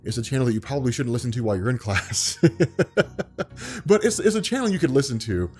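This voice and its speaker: A man vlogging in a relaxed, unhurried way, with a voice that carries and commands attention, spoken from the diaphragm. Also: mid-range voice, soft background music. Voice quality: carrying, commanding voice. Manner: calm, laid-back, unhurried; speaks from the diaphragm. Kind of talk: relaxed talk to camera.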